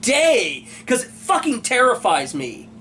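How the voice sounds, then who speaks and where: Animated man ranting in casual chat. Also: extremely high pitch, measured pace, a little hiss or hum. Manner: animated, swears and shouts when ranting. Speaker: co-host.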